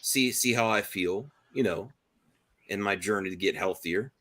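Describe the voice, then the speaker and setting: A man's voice: on the low side, moderate pace, a bit bright. A man hosting a casual livestream chat with friends, rambling, restarting often and laughing a lot. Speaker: stream host.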